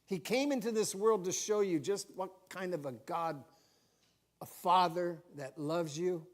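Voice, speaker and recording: A man's voice: sits high, measured pace. An older man, a grandfather, preaching a folksy, conversational sermon in a church, with personal asides. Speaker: pastor.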